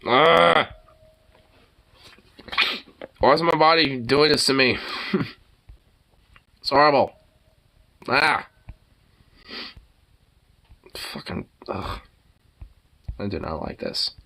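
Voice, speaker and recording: A man hosting a casual livestream, talking excitably, swearing and laughing often. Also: mid-range voice, unhurried, pauses often. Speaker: livestream host.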